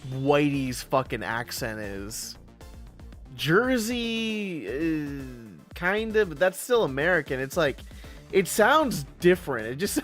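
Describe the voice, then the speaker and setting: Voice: medium pitch, a bit bright. A game streamer chatting casually while playing, rambling, laughing often and swearing. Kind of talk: casual gaming stream commentary.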